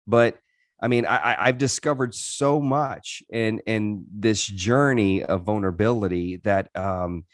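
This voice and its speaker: A man in his thirties, appearing as a podcast guest, recounts his life story candidly, earnest and reflective, often restarting his sentences. His voice is fairly low and a little slow, captured in a dry, clean studio recording.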